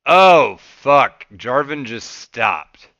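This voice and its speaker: A man hosting a podcast, telling a casual story with lots of swearing and loud re-enactments of his own rants. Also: mid-range voice, drawn-out words, highs cut off, crowd noise. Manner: animated, swears freely, voices his past rants loudly. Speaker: podcast host.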